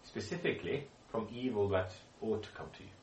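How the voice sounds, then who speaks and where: A man teaches a Bible study group, often turning to them with questions and restarting his sentences. His voice sits very low. He is picked up from a distance in an echoey room, with a faint hum of ambience behind him. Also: fairly quick, a little mellow. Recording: echoey room, speaker far from mic.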